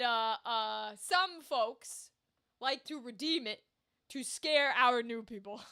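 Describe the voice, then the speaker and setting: A woman's voice: sits high, sharp tone. A young adult woman hosting a game livestream, chatting casually and rambling to her viewers. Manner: chatty and rambling, talks straight to chat. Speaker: livestream gamer and host. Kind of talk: casual stream chat with viewers.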